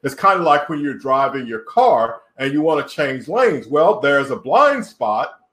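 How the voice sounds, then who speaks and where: Lively, emphatic man teaching in an echoey room. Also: medium pitch, a little slow. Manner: emphatic, with rhetorical questions and acted example lines. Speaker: webinar co-presenter. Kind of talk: teaching talk to business couples.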